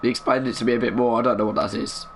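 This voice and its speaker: A young man giving live commentary while playing a football video game, keeping his voice down, chatty and muttering with bursts of excitement. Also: medium pitch, racing, a little hiss or hum. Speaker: gaming streamer.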